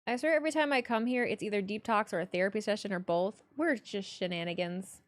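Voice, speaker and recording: A woman's voice: medium pitch, fast talker. A young woman streaming casually, joking and speaking bluntly, with free swearing. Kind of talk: casual live-stream chat.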